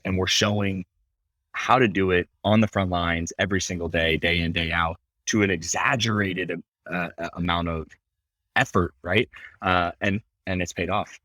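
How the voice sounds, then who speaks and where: A man with a very low voice hosts a podcast and heaps praise on his guest. He stumbles and restarts his phrases as he talks. The sound is dry and close-miked. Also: pushed and bright, no room sound. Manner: effusive, with frequent restarts. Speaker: podcast host. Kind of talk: casual interview chat.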